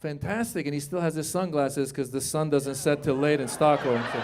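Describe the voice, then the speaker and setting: A man in his fifties works a comedy club stage through a handheld mic, his voice riding high for a man. He banters with audience members and suddenly switches into loud, exaggerated voices. A faint room noise hangs under the set. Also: fairly even intonation, moderate pace, few pauses. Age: 50s. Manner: riffs with the crowd, jumps into loud put-on voices. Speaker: stand-up comedian.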